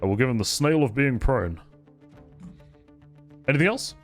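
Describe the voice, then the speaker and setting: A man running a tabletop game as game master, narrating combat vividly and at an unhurried pace. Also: medium pitch, lively intonation, faint music behind.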